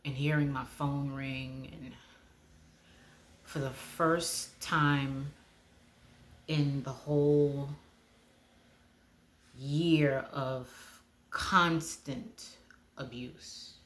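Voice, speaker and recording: A woman giving a personal testimony, speaking in a heartfelt way and often dropping to a hush. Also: very deep voice, steady tone, extremely slow, pauses often, slight background noise. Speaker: speaker sharing her testimony.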